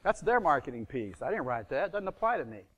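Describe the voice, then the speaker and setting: Man, middle-aged, fairly high voice, live seminar teacher, quizzes the room, acts out phone calls. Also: sing-song, quick pace, a bit bright. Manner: asks the audience fill-in questions, acts out phone calls. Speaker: real estate seminar speaker.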